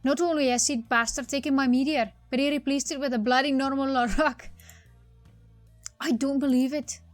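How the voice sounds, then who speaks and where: A woman's voice: high voice, steady tone, normal speed, no room sound, faint music behind, natural voice. A woman voicing a bumbling male police constable with a put-on Cockney accent, melodramatic and weepy, in a text game. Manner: weepy, melodramatic, rhyming slang.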